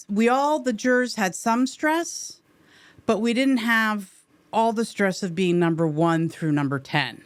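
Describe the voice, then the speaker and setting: A woman actor, speaking as an interview guest at a middling pitch. She tells her story in an animated, emotional way. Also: clean tone, no echo.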